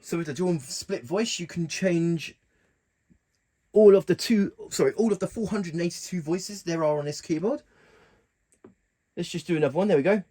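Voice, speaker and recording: Man demoing a keyboard over loud music. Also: high voice. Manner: halting, stops to correct himself mid-sentence. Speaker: keyboard tutorial presenter. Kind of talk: casual demonstration walkthrough. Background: keyboard sounds being demonstrated.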